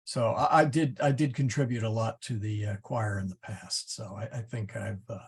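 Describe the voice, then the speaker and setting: A middle-aged man teaching a Latin class, halting, with many fillers and restarts. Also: fairly low pitch, steady tone, breathy edge. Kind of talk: class lesson.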